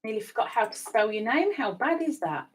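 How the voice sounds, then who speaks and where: A woman's voice: on the high side, big pitch swings, fairly quick, breathy edge, low-quality recording. A woman hosting a live stream from her home computer setup, chatting casually, often repeating herself and laughing. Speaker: livestream host.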